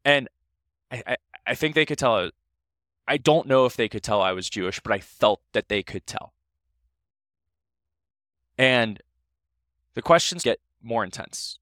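A young man from Ohio, a podcast guest, telling a story in casual, animated talk full of restarts. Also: medium pitch, measured pace, long pauses, no room sound, clean studio sound.

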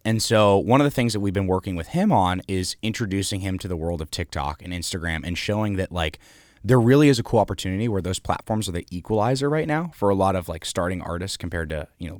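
A low-voiced man, a guest who founded an artist house, tells animated, rambling anecdotes full of fillers and swearing during a casual interview. The recording is clean studio sound with no room sound.

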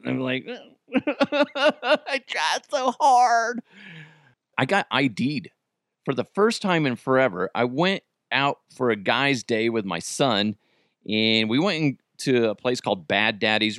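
A man's voice: medium pitch, animated, moderate pace, a bit bright, no echo, studio quality. A middle-aged man hosting a podcast, telling comedic stories casually, swearing and acting out quotes in raised voices. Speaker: podcast host.

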